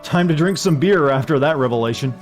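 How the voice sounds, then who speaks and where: A man's voice: fairly high pitch, expressive, fairly quick, soft background music. Joking man rambling over gameplay. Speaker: streamer playing a video game. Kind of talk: casual gameplay commentary.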